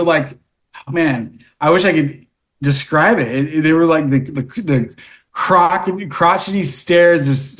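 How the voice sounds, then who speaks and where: A man in a casual podcast chat tells stories in a rambling way, restarting sentences and leaning on fillers. His voice sits a little high for a man, and he gets animated as he recounts events. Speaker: podcast guest. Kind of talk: casual storytelling.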